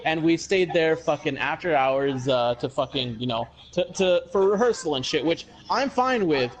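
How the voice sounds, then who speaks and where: A young man hosting a podcast, ranting casually with lots of swearing and halting restarts. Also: on the high side, expressive, low-quality recording. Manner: profane, rambling, heated ranting. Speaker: podcast host.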